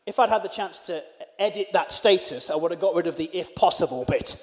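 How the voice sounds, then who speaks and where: A male comedian telling a story in a stand-up set, animated and self-deprecating. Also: high voice, brisk, in a large hall. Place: live venue.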